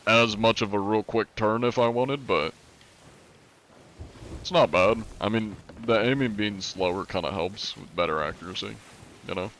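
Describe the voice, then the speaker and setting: Young man, low voice, casual live streamer, swears a lot, laughs at his own slips, faint room hum. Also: normal speed, fairly bright tone.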